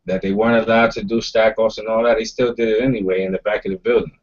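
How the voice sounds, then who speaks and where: A man's voice: lowish voice, steady tone, fast. A man hosting a casual roundtable talk, speaking bluntly and emphatically and swearing freely. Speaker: podcast host. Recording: dull lo-fi audio.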